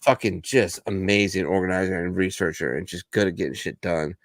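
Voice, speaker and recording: A man with a fairly low voice talks in a loose, bar-style chat among veterans. He swears freely and tells stories bluntly, switching into the voices of the people he describes. His voice sounds close and dry, with no room echo. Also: fairly quick. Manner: profane, blunt storyteller who acts out others' lines. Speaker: veteran podcast co-host.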